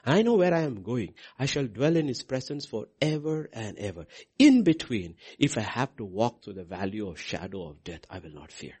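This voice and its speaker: A man preaching a sermon as pastor, swinging between hushed lines and loud, high outbursts. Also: very animated, moderate pace, breathy edge.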